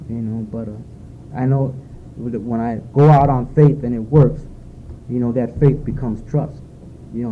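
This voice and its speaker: Man giving a rambling, heartfelt recovery testimony on a tinny, faintly hissy tape. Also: mid-range voice. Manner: rambling, heartfelt, full of fillers. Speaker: speaker sharing at a recovery meeting. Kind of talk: personal testimony at a recovery meeting. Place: meeting room at a retreat. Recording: phone-like lo-fi tape with faint noise.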